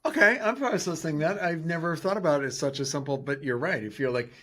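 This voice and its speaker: A man's voice: a little high, fast talker, sharp tone. A man co-hosting a podcast interview, talking casually and animatedly, acting out his own reactions in quotes. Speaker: podcast co-host.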